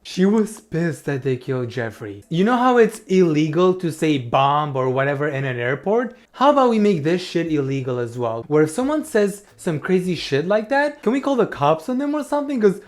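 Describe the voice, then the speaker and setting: A woman hosting a reaction commentary, mocking and sarcastic, swinging between exaggerated outrage and flat asides. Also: deep voice, normal speed, hardly any pauses. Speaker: commentary host.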